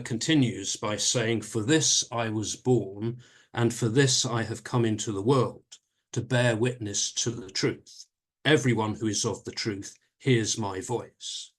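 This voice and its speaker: A man at a mid pitch teaching a church Bible study. He explains the passage slowly and carefully, often pausing and going back over his words as he thinks aloud. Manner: measured explaining with frequent fillers and restarts.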